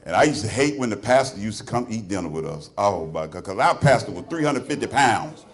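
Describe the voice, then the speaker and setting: A man's voice: fairly low pitch, lively intonation, fairly quick. A man with a Southern US accent doing a stand-up comedy set, loosely teasing the crowd and laughing along as he talks. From Alabama. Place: club stage before a live audience.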